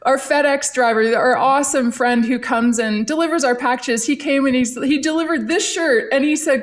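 Earnest higher-voiced woman guest. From Canada. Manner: earnest, heartfelt, fast-flowing. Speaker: guest, Olympic athlete. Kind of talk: emotional casual talk.

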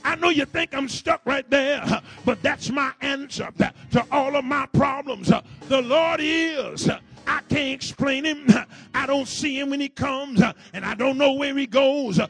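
A man's voice: very high-pitched, unhurried, a bit bright, faint music behind. A man preaching a sermon, fervent and rhythmic, with repeated phrases and call-and-response to the congregation.

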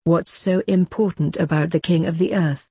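A woman's voice: lowish voice, steady tone, normal speed, mellow, breathy edge, dry recording. A woman reading the part of a stern, fussy male office assistant in a storybook tale.

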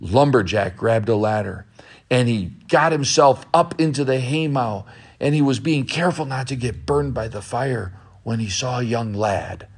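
A man telling a children's story aloud, in a slow, gentle, repetitive way. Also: medium pitch, slightly rough. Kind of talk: storytelling narration.

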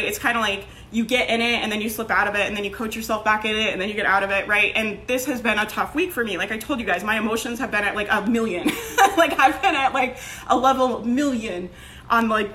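Young woman business coach, bright higher voice, chatty "like" habit, faint room hiss. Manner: casual, lots of "like" and "right?"; candid, swears now and then. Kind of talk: motivational talk to an audience.

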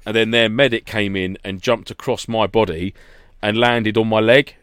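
Bloke co-hosting, low voice, dry close sound, rambling war stories. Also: male voice, fairly even intonation, normal speed, a bit bright, clear, resonant tone, no echo. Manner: banter-heavy storytelling with swearing and laughs. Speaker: podcast co-host. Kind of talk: casual chat.

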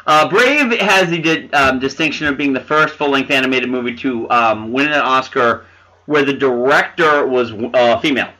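A man in casual chat reviewing a film with friends, animated, swearing and laughing while he hunts for names. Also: medium pitch, moderate pace, low-quality recording. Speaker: podcast co-host reviewing a film.

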